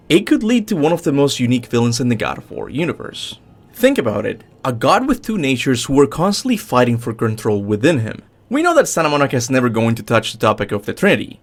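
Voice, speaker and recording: A man hosting a gaming channel, reading a scripted top-ten commentary with upbeat emphasis. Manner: lively, swooping pitch with upbeat emphasis.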